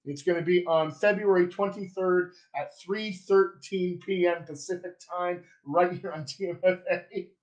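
Chatty dialect coach, high voice. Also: male voice, fairly even intonation, unhurried, hardly any pauses. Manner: playful, chatty, laughs at himself. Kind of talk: live-streamed lesson. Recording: echoey room.

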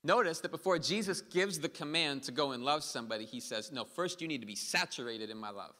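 Bright-voiced man preaching in a reverberant hall. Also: on the high side, expressive, a little fast. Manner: impassioned, builds to emphatic peaks, voices quoted speech. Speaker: pastor. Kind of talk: sermon. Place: church hall.

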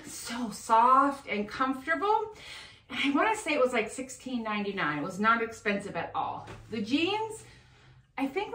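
A middle-aged woman chatting casually at home, unhurried as she describes clothes she is trying on. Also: high voice, sharp tone, reverberant. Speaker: fashion vlogger. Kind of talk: casual try-on haul chat.

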